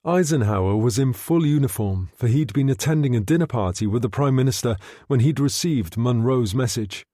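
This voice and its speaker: A man narrating a thriller audiobook in an expressive reading style. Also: medium pitch, a little fast, few pauses, dry recording, studio quality. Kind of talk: scripted narration.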